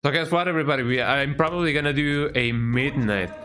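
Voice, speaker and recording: A man's voice: mid-range voice, quick pace, fairly bright tone. A man casually commenting on his game live, playful and ending lines with "eh?". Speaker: game streamer. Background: game music.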